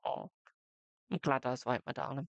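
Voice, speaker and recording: A man's voice: mid-range voice, normal speed, creaky, no room sound. A man with a British accent giving live-stream tarot readings in a chatty way, calling viewers "my darling". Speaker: tarot reader.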